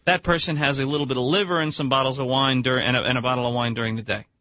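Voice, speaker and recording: A man with a New Jersey accent co-hosting a talk radio show in casual, animated chat, laughing often. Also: medium pitch, very fast, dry recording. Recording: muffled radio broadcast with faint hiss.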